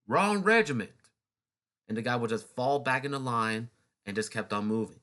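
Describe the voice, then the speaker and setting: A man's voice: medium pitch, steady tone, a little fast, a bit bright. A man narrating a history video in a loose, chatty way, with restarts and snarky asides. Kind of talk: casual unscripted history talk.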